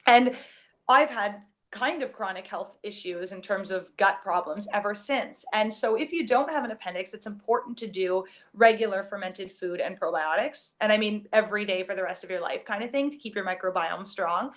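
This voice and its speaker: Woman from Canada, podcast guest, mid-pitched voice, explanatory, enthusiastic. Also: normal speed. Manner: explanatory, enthusiastic about health topics. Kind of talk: casual podcast chat.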